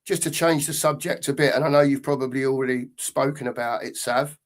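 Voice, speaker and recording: A man's voice: mid-range voice, fairly even intonation, a little fast. A man in a casual football fan chat, rambling and thinking aloud with fillers.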